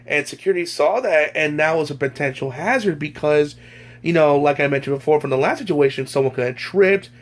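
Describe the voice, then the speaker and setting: A young man talking casually to his viewers in a rambling vlog, full of restarts and fillers. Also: a little high. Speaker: YouTuber.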